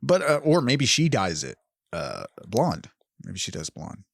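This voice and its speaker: Animated, swearing male podcast co-host. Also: on the low side, a little slow, gravelly, husky, no room sound, studio quality. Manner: rambling, profane, laughs often. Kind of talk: casual chat.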